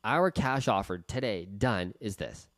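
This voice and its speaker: A man's voice: fairly low pitch, animated, a little slow, a bit bright, no echo. A man coaching sales calls in blunt, profane casual talk, acting out both sides of phone calls in shifting tones. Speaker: real estate investor teaching sales calls.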